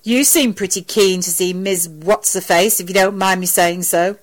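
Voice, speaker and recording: A woman's voice: fairly low pitch, normal speed, natural voice. A woman voicing a lecherous, womanizing male admiral in a fan audio story, with a sly drawl. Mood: teasing. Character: leering womanizing middle-aged male hologram admiral.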